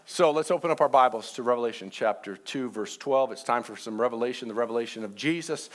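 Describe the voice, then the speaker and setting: A man preaching a sermon to his church, mixing joking asides with slow, emphatic preaching. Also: medium pitch, slight background noise. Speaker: pastor.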